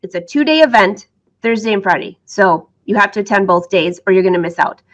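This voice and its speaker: A woman's voice: mid-range voice, expressive, brisk, highs cut off. A middle-aged woman who teaches sewing, chatting upbeat to her viewers, laughing often and fighting the hiccups. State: has the hiccups. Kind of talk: casual chat to viewers.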